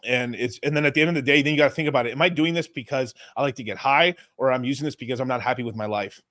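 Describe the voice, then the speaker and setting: A man's voice: medium pitch, very fast, dry recording, clean studio sound. A young man hosting a podcast, rambling and swearing as he riffs in casual chat. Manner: rambling, profane, animated storytelling. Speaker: podcast host.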